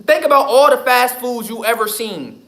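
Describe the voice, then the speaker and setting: High voiced guy w/ aave going off on a live, cussing and repeating stuff. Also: moderate pace, fairly bright tone. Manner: emphatic, profane, repeats himself. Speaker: livestream host. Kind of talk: casual livestream talk.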